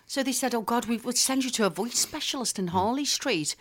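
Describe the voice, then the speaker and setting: A lively woman in her fifties with a Liverpool accent, chatting as an interview guest. She tells her stories with gusto and laughs easily, her voice sitting a little high. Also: a little fast. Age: 50s. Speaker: actress and singer, guest. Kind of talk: casual chat interview.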